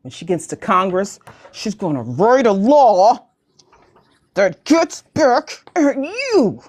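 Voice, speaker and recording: A woman's voice: medium pitch, sing-song, slow pace, a little mellow. An American woman in her forties who moderates a live online town hall, joking and rambling casually as she talks. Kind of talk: casual livestream chat. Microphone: video call.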